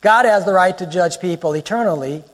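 A male pastor delivers a fervent sermon in a high, lifted voice. He hammers his points home with repeated phrases and swells toward shouting. His words ring out with a long reverb through the church sanctuary. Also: a little fast. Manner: emphatic, rising to near-shouts, repeats phrases for effect.

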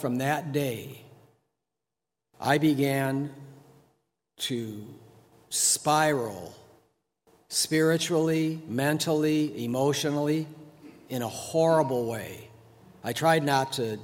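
A middle-aged man preaching a sermon to a congregation, talking in a loose conversational way and chuckling between points. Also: medium pitch. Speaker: pastor. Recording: long hall reverb.

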